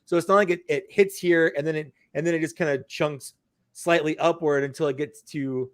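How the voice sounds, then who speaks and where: Animated man in casual collector chat. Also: fairly high pitch, smooth, no echo, studio quality. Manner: quick, animated, repeats words. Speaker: guest.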